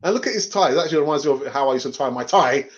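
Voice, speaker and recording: Man, casual live-stream host, laughs a lot, lively pitch, lo-fi sound. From North London. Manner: chatty, laughs often, does quick voices. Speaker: fan channel host.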